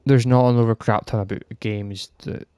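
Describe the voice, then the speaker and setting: A man's voice: medium pitch, steady tone, normal speed, mellow, clear, resonant tone, no room sound. A young man from Scotland with a northern Scottish accent, ranting casually and heatedly, swearing often. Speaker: podcast rambler. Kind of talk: casual rant.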